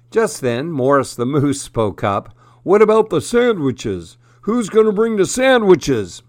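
A man hosting a radio program, reading funny stories and poems aloud in a deadpan way. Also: medium pitch, no room sound, clean studio sound. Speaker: radio host.

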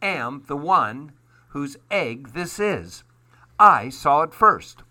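A man reading a storybook aloud, voicing a bossy, excitable male duck who fusses and scolds. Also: on the high side, slow, voice pushed up, full character voice. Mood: fussy bossy. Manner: fussy, scolding, boastful.

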